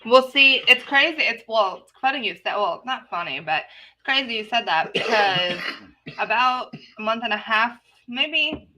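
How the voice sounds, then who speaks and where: Woman, bright high voice, casual stream chat, animated swearing storyteller. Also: moderate pace, low-quality recording. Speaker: co-host.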